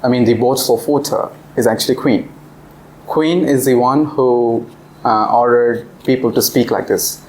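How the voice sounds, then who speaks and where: A man's voice: mid-range voice, steady tone, moderate pace, a little mellow, poor audio. Young guy teaching a class, chatty and laughing a lot, some faint noise behind. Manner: chatty, laughs often, explains step by step. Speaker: visiting language teacher. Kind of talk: casual classroom discussion. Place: classroom in a language club.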